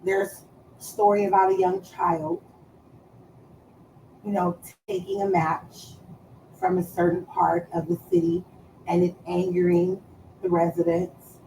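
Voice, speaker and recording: A woman's voice: on the low side, a little slow, gravelly, long pauses, mellow, a little hiss or hum, rough recording. A woman streaming live, chatting casually in a profane, teasing way and drawing out words for emphasis.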